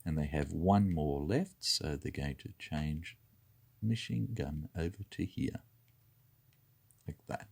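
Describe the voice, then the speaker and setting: A man's voice: rumbling low, slow, creaky, darkish tone, slightly rough. A man talking through his moves in a tabletop wargame, methodically counting dice and spaces aloud. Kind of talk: talking through a board game turn.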